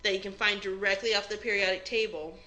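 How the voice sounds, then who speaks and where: Poor audio captures a woman speaking quickly at medium pitch, steady but pushed and bright. She teaches chemistry, leading a recorded exam review lecture step by step in a plain conversational manner.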